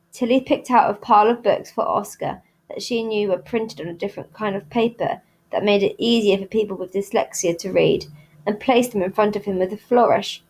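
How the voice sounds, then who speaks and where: A woman reading a children's novel aloud in clear, steady storytelling. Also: medium pitch. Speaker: reader at a school.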